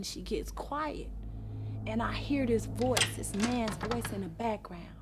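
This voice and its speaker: Earnest woman giving a halting testimony. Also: fairly high pitch, a little hiss or hum. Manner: earnest, halting, with many pauses and fillers; acts out remembered conversations with a raised voice. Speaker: guest sharing her testimony. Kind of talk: personal testimony.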